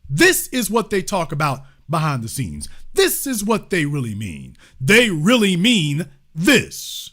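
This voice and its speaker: A man from Louisiana hosting impassioned political commentary, emphatic and repetitive, dropping from loud to hushed. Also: high voice, sing-song, moderate pace, few pauses. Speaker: host.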